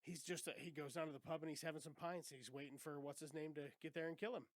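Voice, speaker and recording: Man, casual movie recap, swearing, somewhat high voice, dry close sound. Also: steady tone, no echo. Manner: loose, swearing, retells scenes with quick quoted voices. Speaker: podcast co-host.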